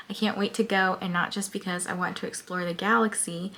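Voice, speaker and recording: A woman's voice: mid-range voice, fairly quick, hardly any pauses, fairly bright tone, slight background noise. A woman book vlogger chatting casually about her reading and reading book blurbs aloud, with a lot of "like" fillers. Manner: chatty, filler-heavy with frequent "like".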